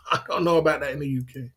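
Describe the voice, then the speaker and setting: A man's voice: a little high, fairly even intonation, fast, pushed and bright, slightly rough. A British man hosting a livestream, telling rambling stories in a casual way, chuckling often and checking in with his listeners. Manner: rambling, chuckles often, keeps asking "you know what I'm saying". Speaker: livestream host.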